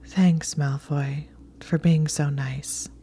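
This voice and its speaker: A woman voicing an anxious, bookish young witch in a soft, breathy half-whisper, as whispered role-play. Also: low-pitched, moderate pace. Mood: earnest.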